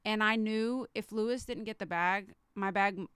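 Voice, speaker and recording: A young woman, co-hosting a casual chat podcast and telling a story in an animated way, cursing freely. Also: mid-range voice, normal speed, clear, resonant tone, no echo, studio quality. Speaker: podcast co-host. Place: hotel room floor.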